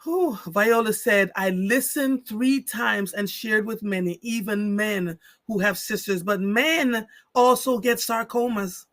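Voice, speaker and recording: Reading out comments from viewers, this live show host responds with earnest emphasis, repeating phrases to drive points home. His voice sits high and a bit bright, moving at a slow pace with few pauses, recorded with no room sound.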